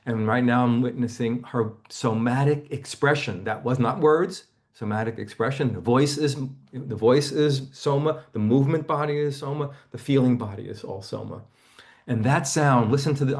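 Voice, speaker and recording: A man teaching a seminar, gently guiding a volunteer through a body-focused therapy exercise over a video call, often dropping to a hush. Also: medium pitch.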